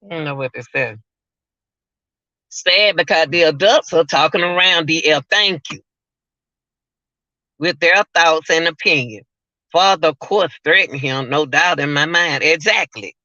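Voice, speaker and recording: A man's voice: on the high side, a little slow, pauses often, bright, forceful tone, no echo, muffled recording. A man giving emotional, repetitive livestream commentary, talking straight to his viewers.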